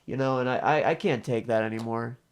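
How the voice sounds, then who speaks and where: A man's voice: mid-range voice, brisk. A young man telling a retail work story as a vlog rant, swearing often and rambling with many fillers. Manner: profane, rambling, frequent fillers. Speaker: vlogger.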